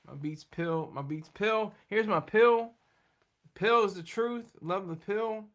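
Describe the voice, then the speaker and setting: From his computer at home, a man with a high voice hosts a live stream, speaking slowly. He chats in a loose, rambling way, laughing often and frequently restarting his sentences.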